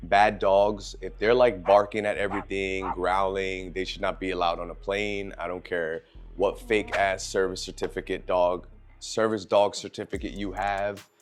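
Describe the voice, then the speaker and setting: A man's voice: low-pitched, little pitch movement, moderate pace, faint music behind. A man co-hosting a podcast, stating opinions firmly after some hesitation in casual chat. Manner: hesitant, then firm opinions. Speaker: podcast co-host.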